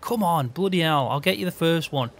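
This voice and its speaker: A man's voice: a little high, expressive, brisk, slight background noise. A man in casual game roleplay, chatting as a farm hand in an easygoing way with mild swearing.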